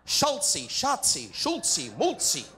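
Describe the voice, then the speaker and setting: A befuddled elderly president stammers and searches aloud for a name he can't recall, as a man on a ballroom stage puts him on. The voice rides high and loud, with halting "uh"s and jumbled guesses. A faint hum of banquet noise sits underneath. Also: huge pitch swings, heavily acted. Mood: flustered. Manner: stammering, searching aloud, repeating made-up names. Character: flustered elderly male president fumbling for a name. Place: hotel ballroom at a benefit dinner.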